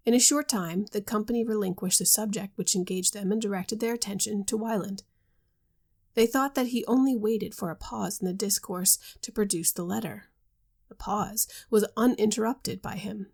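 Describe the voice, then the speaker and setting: A woman reads a classic novel aloud at a steady, measured pace. Her mid-pitched voice has a gravelly, creaky grain. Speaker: reader.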